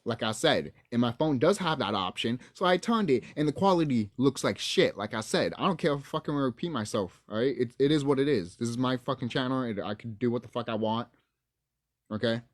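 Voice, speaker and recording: A man's voice: mid-range voice, animated, brisk. Angry, cursing man on a vlog. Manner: angry, profane ranting. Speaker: YouTuber. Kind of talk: casual ranting vlog. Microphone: camera mic.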